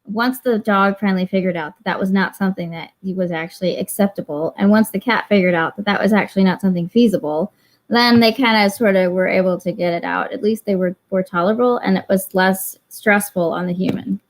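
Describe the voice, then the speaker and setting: A woman working as an animal medium who chats as a guest, telling animated stories and breaking into exclamations. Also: mid-range voice, brisk, rough recording. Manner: animated, exclamatory, acts out quoted voices. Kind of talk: casual conversation, storytelling.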